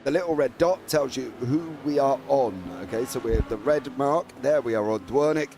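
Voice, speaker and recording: An English man commentating sim races, excitable and teasing, shouting at drivers. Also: mid-range voice, moderate pace, background noise. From England. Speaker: race commentator.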